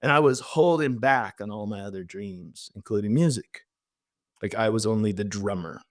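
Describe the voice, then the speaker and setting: A man from Canada, a podcast guest vividly telling a personal story in an animated way, full of fillers. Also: on the low side, moderate pace, no room sound, clean studio sound.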